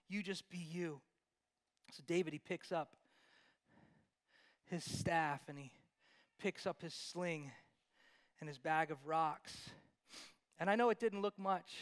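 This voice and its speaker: Pastor guy preaching, pretty high voice for a man, jokes around, goes loud then real quiet. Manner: animated, jokey preaching that swings from loud to hushed. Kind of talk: sermon.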